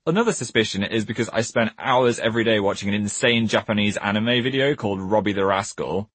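A man's voice: fairly low pitch, fast talker, a bit bright, dry recording. A man reading funny stories about himself and chatting in a playful, self-mocking way. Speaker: co-host reading his own book. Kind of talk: casual comic reading and chat.

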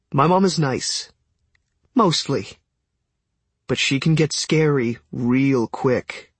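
A man's voice: medium pitch, slow pace, long pauses, slightly rough, no room sound. A man reading a novel aloud in first person, with a wry, conversational storytelling manner. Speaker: audiobook narrator. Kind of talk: scripted first-person narration.

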